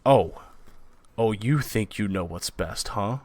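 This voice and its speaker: A man's voice: fairly low pitch, slow pace, darkish tone. A man voicing a cruel, domineering middle-aged father in a tabletop game, stern and menacing.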